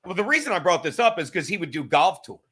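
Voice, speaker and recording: Male comic host, high bright voice, rambling and swearing, stumbles over restarts. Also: sing-song, husky. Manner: rambling, profane, quick to laugh, stammering restarts. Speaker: podcast host and comedian. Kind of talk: casual chat.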